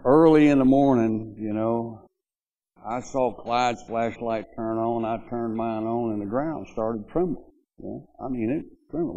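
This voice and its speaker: An older man speaking at a memorial tells rambling, homespun stories about a late friend, peppered with "you know." His voice is mellow and warm at a middle pitch. The recording sounds dull and lo-fi, like an old home video. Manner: folksy, rambling storyteller, many "you know"s. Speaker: eulogy speaker. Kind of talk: memorial speech with anecdotes. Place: memorial gathering, speaking to mourners.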